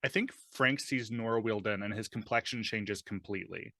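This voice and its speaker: A man with a fairly low but bright, forward voice describes his character's actions as a player in a tabletop game, thoughtful and loose with lots of fillers. The recording is dry and close, with no room sound. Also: normal speed, dry recording.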